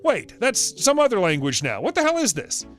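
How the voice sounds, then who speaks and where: A man voicing an entitled middle-aged woman in a restaurant, with a high, indignant, whiny delivery. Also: wildly swooping pitch, moderate pace, a bit bright, soft background music, full character voice.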